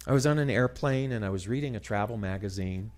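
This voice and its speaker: A middle-aged man giving a sermon-style talk, telling a story dramatically and moving between loud passages and hushed ones. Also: fairly low pitch, quick pace. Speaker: guest speaker.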